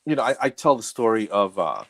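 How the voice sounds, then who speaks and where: A man's voice: fairly low pitch, very animated, fairly quick, creaky, a bit bright. A middle-aged man, a comedian and dental hygienist, telling his stand-up bits in a casual interview, rambling with restarts and acting out his jokes.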